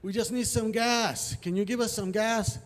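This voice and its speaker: A man voicing young male street punks who wheedle and then yell demands. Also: sits high, fairly even intonation, normal speed, pitched above the performer's own voice, natural voice. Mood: wheedling. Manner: yelling, demanding.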